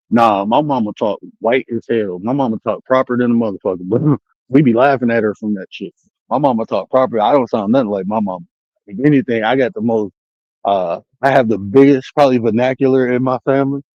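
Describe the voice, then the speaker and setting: This is a casual livestream rant from a man who is a streamer and life coach, heard through his streaming setup mic in a dry, dull recording. His voice sits in the mid range as he profanely taunts chat and challenges people to join the call.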